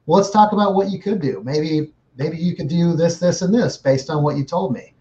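A man's voice: on the high side, brisk, warm tone, dull audio. A man, a guest running a remodeling business, telling a story casually and restarting his phrases often. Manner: repeats words and restarts phrases.

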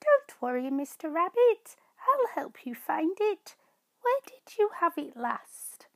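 A woman's voice: very high voice, big pitch swings, slow pace, gravelly, a bit bright, no echo, clean studio sound, pitched above the performer's own voice, exaggerated voice. A woman voicing a kind, helpful little female mouse in a storybook, speaking in a reassuring way.

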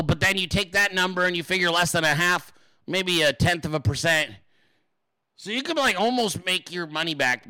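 A man's voice: high-pitched, pushed and bright, no echo. A man hosting a political commentary show, swearing often and laughing as he mocks people. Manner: profane, mocking, laughing. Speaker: host.

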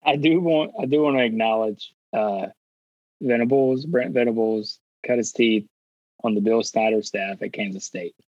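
A man with a medium-pitched voice teases his co-hosts during casual sports chat. His voice sounds dry, close and plain. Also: normal speed, a little mellow, dry recording, lo-fi sound. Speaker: podcast co-host.

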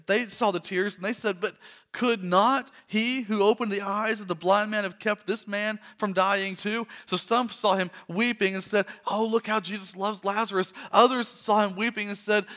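A man preaching a sermon, earnest, dropping to soft hushed lines and rising to loud emphatic repetition. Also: high voice, fairly even intonation, moderate pace. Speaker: pastor.

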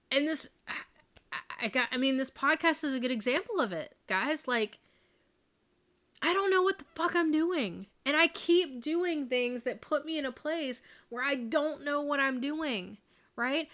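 Candid, chatty woman podcaster, slightly high. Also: a bit bright. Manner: candid and chatty, swears and laughs, tangents. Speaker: podcast host and life coach. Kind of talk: casual unscripted podcast monologue. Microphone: studio microphone.

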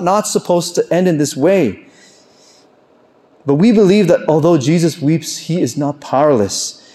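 A man preaching a sermon in an earnest way, lifting his voice on questions and slowing down, soft and low, on key lines.

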